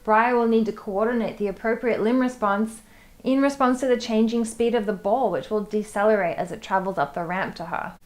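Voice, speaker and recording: A woman early childhood educator, explaining a lesson in a calm, measured teaching tone. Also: medium pitch. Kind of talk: scripted lesson narration.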